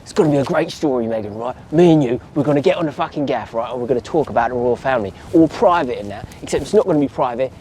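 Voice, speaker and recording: A man's voice: mid-range voice, lively intonation, racing, few pauses, dark tone, a little hiss or hum, voice pushed down, natural voice. Man doing a coaxing Cockney talk show hostess. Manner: coaxing, chummy. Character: motherly female talk show host, gossipy.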